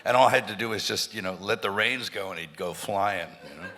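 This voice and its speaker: A man with a low, bright voice rambles through stories on stage, full of restarts and laughing asides. He speaks into a microphone in a large hall. A long reverb hangs after his words, and faint noise sits underneath. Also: a little fast. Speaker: interview guest. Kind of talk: live on-stage anecdotes. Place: large hall with a live audience.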